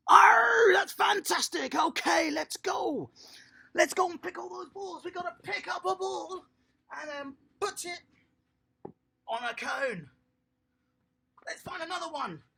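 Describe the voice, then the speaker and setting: Bright, gravelly coach, upbeat with little kids, outdoor garden lesson. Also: very high voice, a little slow, long pauses. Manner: lively, encouraging, praising the children. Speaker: children's tennis coach. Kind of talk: home tennis lesson for young children.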